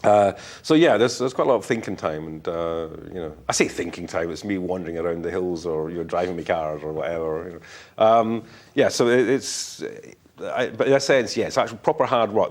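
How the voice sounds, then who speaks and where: A man's voice: low-pitched, a little mellow. A middle-aged Scottish man, an author being interviewed, talking frankly in a rambling way with many fillers and restarts. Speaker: author guest. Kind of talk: casual interview talk.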